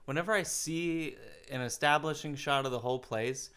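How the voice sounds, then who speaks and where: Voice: medium pitch, normal speed, fairly bright tone, clear, resonant tone. Wry, casual podcast co-host. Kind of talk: casual chat.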